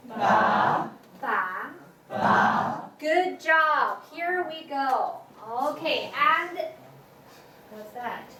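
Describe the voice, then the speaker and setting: A high-voiced woman teaches Chinese in a classroom, her bright tone forceful. She patiently repeats tones for her students and uses many fillers. The recording is distant in an echoey room, with faint noise.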